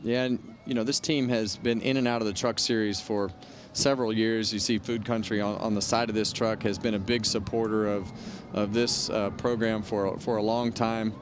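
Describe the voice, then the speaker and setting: A man giving relaxed, conversational color commentary on a truck race. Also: on the low side, moderate pace, background noise. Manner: relaxed, conversational, repeats words.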